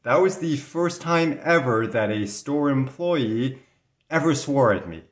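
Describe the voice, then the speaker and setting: A Canadian vlogger tells a story to the camera in a chatty, rambling way, sometimes mildly indignant and occasionally coughing. His medium-pitched voice has lively intonation and a measured pace, and the room sounds echoey.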